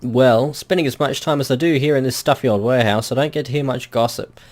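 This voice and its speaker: A man's voice: medium pitch, fast talker, darkish tone, natural voice. A man voicing a polite male warehouse merchant who speaks in formal, courteous shopkeeper patter.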